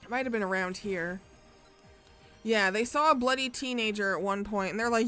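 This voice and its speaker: A woman streamer talks through a recap in a loose, rambling way, cursing often and stopping for fillers. Her voice sits at an ordinary middle pitch, with faint music underneath. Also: fairly quick, sharp tone. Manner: profane, chatty, rambling with fillers. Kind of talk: casual story recap.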